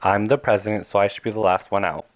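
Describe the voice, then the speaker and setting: Brief: man doing a meek young club president girl, soft-spoken, a little lower and quieter than his own voice, dry sound. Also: steady tone, fast, no echo, lo-fi sound, lightly acted. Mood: gentle. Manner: soft, apologetic and soothing. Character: gentle indecisive young female club president.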